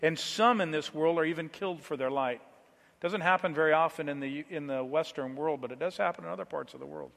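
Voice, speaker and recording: A man preaching a sermon, moving between quiet, low passages and loud, emphatic declarations. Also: a little fast, gravelly, big-room sound.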